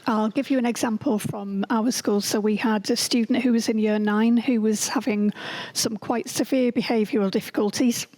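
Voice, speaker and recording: A middle-aged woman with a slightly raised pitch speaks as a guest on an interview podcast. She tells earnest workplace stories, sometimes acting out what people said. Her voice stays steady and sincere. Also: moderate pace, low-quality recording. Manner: earnest, acts out quoted dialogue. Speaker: school principal, guest. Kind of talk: podcast interview, anecdotal storytelling.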